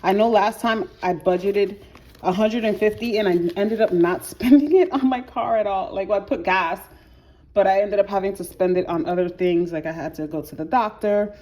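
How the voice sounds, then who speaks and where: A woman budgeting vlogger casually talks through her budget at home, a bit wheezy, saying "like" often and restarting sentences to correct herself. Her voice is mid-range and a little mellow, at a normal speed.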